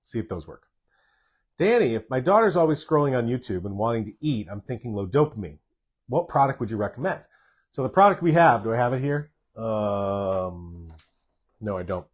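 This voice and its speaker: The speaker is a man with an animated, mid-range voice and a moderate pace. He's a doctor reading viewer questions aloud during a live Q&A and giving plain, direct responses.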